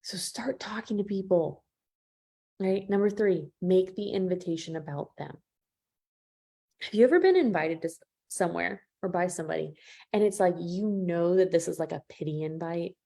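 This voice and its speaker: A woman coach with a mellow voice leads a live training for her listeners. She talks to them warmly as "y'all" and acts out the quoted voices with big swings in pitch. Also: normal speed, gravelly. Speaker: business coach.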